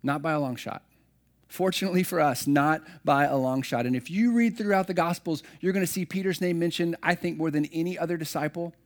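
A man's voice: on the high side, brisk. A middle-aged man preaching a sermon, telling personal stories in a conversational, self-deprecating way. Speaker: pastor.

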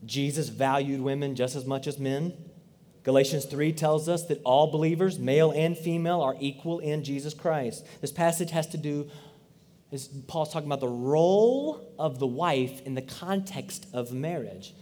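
A man's voice: a little high, normal speed, dark tone. A man in his thirties preaching a sermon, earnest and conversational, with frequent asides to the congregation. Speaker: pastor.

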